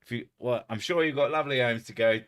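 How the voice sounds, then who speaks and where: A man from England with a southern English accent streams live, chatting casually, swearing freely and laughing often. His voice is medium in pitch and fairly bright, and he talks fast.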